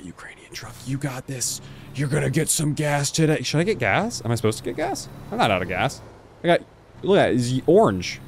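A young man talks through his gameplay in a casual, running commentary, and his pitch swings widely as he reacts. He chats to the other drivers and drops the odd swear word. Faint noise sits under his voice. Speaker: gaming video host.

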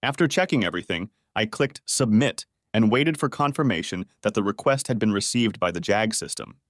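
A man's voice: on the low side, expressive, fairly quick, a bit bright, no echo. A man narrating a first-person story in a scripted audiobook reading on a close mic.

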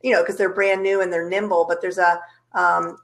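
A woman's voice: lowish voice, flat delivery, normal speed. A woman hosting a live video chat, talking in an upbeat, chatty way. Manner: upbeat, chatty, uses fillers. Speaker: host. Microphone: video call.

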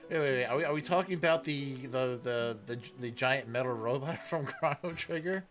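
A man commenting on a game as he plays, excitable, reading dialogue aloud and laughing often. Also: medium pitch, brisk. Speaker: gaming let's player. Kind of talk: let's play commentary. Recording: faint game music behind.

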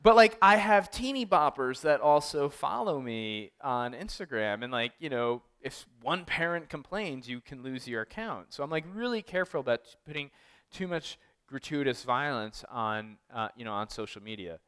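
A man with a smooth, clear voice at mid pitch talks an audience through his photos. He tells wry, profane stories loosely and animatedly, full of filler words. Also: animated, normal speed, a bit bright. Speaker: photographer giving an artist talk. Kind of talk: casual storytelling talk to an audience. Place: art gallery talk.

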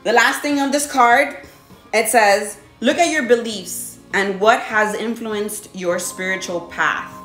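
A woman talking casually on her vlog about her spiritual path, telling stories in an animated way and acting out her own reactions. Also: a little slow. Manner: animated storytelling, laughs often, acts out her own reactions in a high voice. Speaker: body contouring business owner. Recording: echoey room with faint music.

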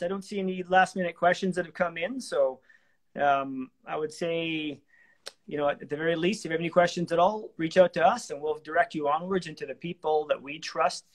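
A man hosting a live renovation talk show, relaxed and chatty with many fillers. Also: fairly high pitch. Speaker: host.

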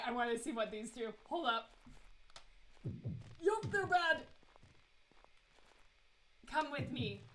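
A woman's voice: a little high, fairly bright tone, a little hiss or hum, rough recording. A woman streaming a horror game live from her desk mic, chatty and giggly, talking to the characters on screen. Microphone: desk microphone.

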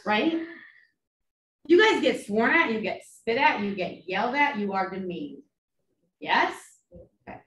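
Animated woman lawyer lecturing nurses. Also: a little high, takes it slowly, pauses often. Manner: animated, rhetorical questions, frequent laughs. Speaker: trial attorney. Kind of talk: teaching a seminar to nurses. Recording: echoey room, distant mic, faint ambience.

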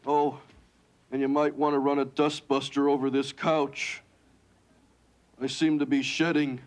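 A man's voice: mid-range voice, flat delivery, measured pace, natural voice. A man voicing a sarcastic, wisecracking furry male alien in a 1980s sitcom. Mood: cheeky. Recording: hissy old TV tape with laugh track.

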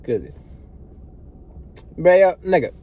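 A young man vlogging an unscripted, profane rant to camera, swinging between loud outbursts and low mutters. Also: sing-song, slow pace, breathy edge.

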